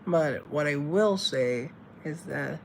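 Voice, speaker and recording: A man's voice: fairly high pitch, takes it slowly, creaky, a little hiss or hum. A man from Colombia chatting casually on a live stream, answering viewers' comments in a chatty, theatrical way.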